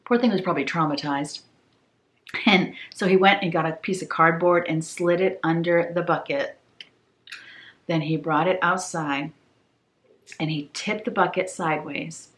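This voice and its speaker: A woman from tells a home story in a relaxed vlog. Her voice sits on the lower side for a woman. She slips into the voices of the people she quotes and sounds a little tired. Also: moderate pace, long pauses. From Maine. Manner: animated storyteller who acts out quoted voices. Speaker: home declutter vlogger.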